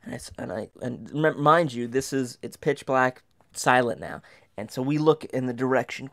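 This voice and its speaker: A man telling a comic, mock-terrifying story from his past, dropping to whispers and then rising into loud, frantic bursts. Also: mid-range voice, moderate pace. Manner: dramatic, dropping to whispers and rising to near shouts.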